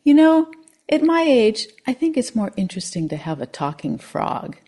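A woman's voice: fairly high pitch, sing-song, moderate pace, mellow, voice pushed up. Woman reading an older man in a fable; dry, wry, slightly raised voice.

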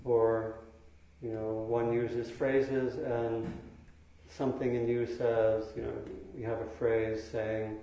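A man teaching meditation in a dharma talk, speaking slowly and thoughtfully with pauses and fillers. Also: mid-range voice, level tone, mellow. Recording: very echoey hall.

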